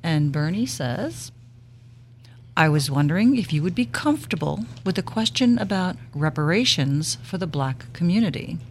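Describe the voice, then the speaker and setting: A woman co-hosting a talk show, gently reading out listener questions. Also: lowish voice, big pitch swings, normal speed, slight background noise.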